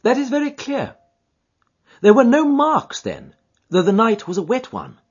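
A man reading an audiobook, voicing a brisk, sharp detective who asks crisp, probing questions. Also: very high-pitched, wildly swooping pitch, pitched above the performer's own voice, exaggerated voice. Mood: keen, probing. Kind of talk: audiobook character voice. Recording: dull lo-fi recording.

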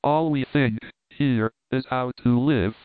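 A man's voice: medium pitch, slow pace, smooth, no room sound, close to an everyday voice. A man reading the part of a cool, stern woman who keeps a wine shop, curt and lightly mocking. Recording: tinny phone-like audio.

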